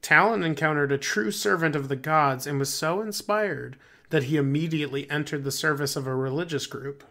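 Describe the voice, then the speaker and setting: A man's voice: a little high, a little fast, pushed and bright. A young man co-hosting a podcast, his voice nearly gone, laughing often and chatting casually. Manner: laughs often, reads aloud. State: losing his voice. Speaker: podcast co-host. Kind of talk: casual chat.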